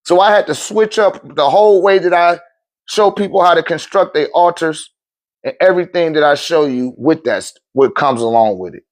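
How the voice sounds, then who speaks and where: A man ranting to his livestream viewers as a spiritual teacher, blunt, profane and animated, laughing often between phrases. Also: moderate pace. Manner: animated, swings between loud outbursts and low muttering. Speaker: spiritual teacher and seller of metaphysical goods.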